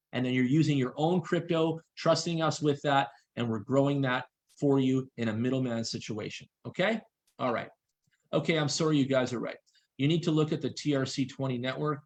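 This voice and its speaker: Brief: man hosting a video call Q&A, mid-pitched, brisk, insistent, repeats his warnings. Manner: reads questions aloud and answers briskly. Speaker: presenter answering questions.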